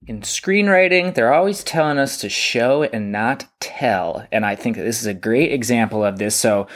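A man's voice: mid-range voice, moderate pace, a bit bright. A man co-hosting a casual chat, enthusiastically retelling scenes from a comic in detail. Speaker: podcast co-host.

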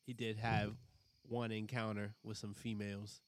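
A man's voice: on the low side, level tone, normal speed. A young man on a casual podcast, trading slangy, joking banter with friends. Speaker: podcast co-host.

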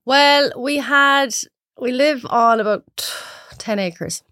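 A woman's voice: sits high, takes it slowly, dry recording. Irish woman chatting as a guest, acts out what people said, dry close sound. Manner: animated storyteller acting out quotes. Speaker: podcast guest. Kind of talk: casual chat.

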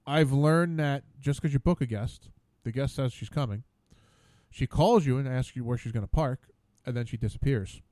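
A man's voice: mid-range voice, moderate pace, warm tone, no room sound. A man hosting his own radio show, rambling casually alone at a studio mic, stammering and repeating words in exasperation.

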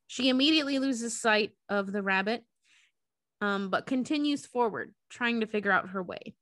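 A woman loosely retelling a film in a chatty way, full of fillers and swearing. Her voice sits at a middle pitch and sounds dry and close. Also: moderate pace, fairly bright tone, no echo. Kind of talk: casual chat retelling a film.

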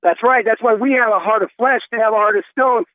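A man's voice: high-pitched, fast talker, no room sound. A man in his fifties, a truck driver calling in to a radio show, speaking in an earnest, fervent and preachy way. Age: 50s. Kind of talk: call-in radio talk. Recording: tinny phone line.

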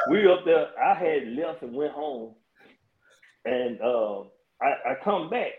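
A man, a barber, telling a barbershop story in a relaxed, chuckling way during a casual group chat. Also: mid-range voice, takes it slowly, narrow, tinny audio, over a noisy crowd. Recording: roomy echo.

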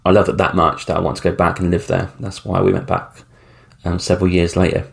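Deep-voiced and fast, with a level tone and vocal fry, a thirtysomething man hosts his own podcast. He rambles through travel tales in a chatty style, dropping blunt slang and plenty of ums.

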